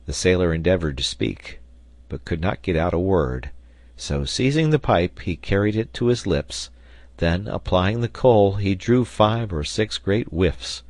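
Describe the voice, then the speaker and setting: Deep-voiced man reading an audiobook. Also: lively intonation, unhurried, a little mellow, no room sound. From South Carolina, US. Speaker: audiobook narrator. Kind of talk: volunteer audiobook narration.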